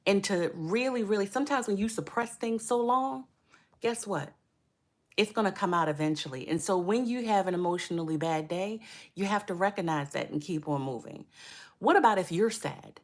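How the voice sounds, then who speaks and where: A woman's voice: medium pitch, normal speed. A middle-aged woman giving caregiving advice on a live stream, chatty, repeating words for emphasis and greeting viewers by name. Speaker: caregiver coach.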